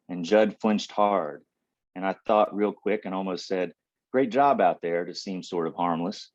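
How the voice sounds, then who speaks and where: Low-voiced man reading poems, dry and dull. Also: no echo. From Ohio. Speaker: poet reading. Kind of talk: poetry reading.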